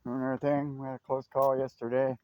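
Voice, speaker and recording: A man's voice: medium pitch, level tone, brisk, no echo, lo-fi sound. Chatty man walking his dog outdoors. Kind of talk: casual outdoor walk-and-talk. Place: outdoors on a trail by a river. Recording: faint outdoor noise.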